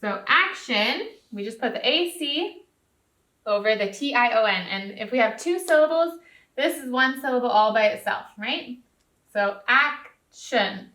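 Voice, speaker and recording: A woman's voice: fairly high pitch, lively intonation, normal speed, a bit bright. A woman teacher giving a recorded spelling lesson to young students, patient and encouraging, often checking in with "okay?". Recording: roomy echo.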